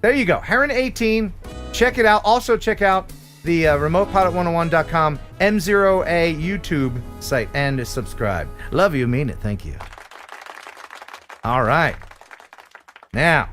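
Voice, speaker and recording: An American man hosting a live stream, telling puns and reading sponsor plugs in a jokey, animated way. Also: on the high side, measured pace, soft background music. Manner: animated, punning, jokey delivery. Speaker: host. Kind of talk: live stream chat with jokes and sponsor reads.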